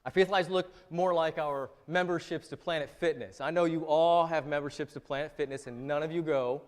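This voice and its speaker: A man's voice: a little high, fairly even intonation, a little fast, long reverb tail. A man preaching a sermon as pastor in a church, talking to the congregation in a joking, conversational way. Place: church sanctuary.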